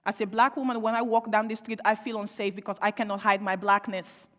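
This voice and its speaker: A young woman delivers a public speech in an impassioned, pointed way. She leans on rhetorical questions and dry sarcasm. Her medium-pitched voice carries long reverb from a large hall. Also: level tone, brisk, fairly bright tone. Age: young adult. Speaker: panel speaker.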